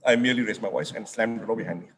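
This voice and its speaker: A middle-aged man with an Indian accent recounts student-day stories on stage, his speech lively and full of Hindi asides. His voice sits in a middle pitch. A faint hiss runs behind him. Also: very fast. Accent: Indian English. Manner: animated anecdotes mixing in Hindi phrases. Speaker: speaker at a summit. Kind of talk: storytelling in an onstage conversation.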